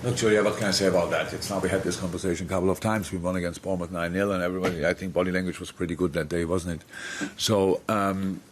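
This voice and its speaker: A middle-aged football manager answering press questions frankly, with many restarts. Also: male voice, sits low, fairly even intonation, fast, few pauses, a little hiss or hum. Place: press conference room.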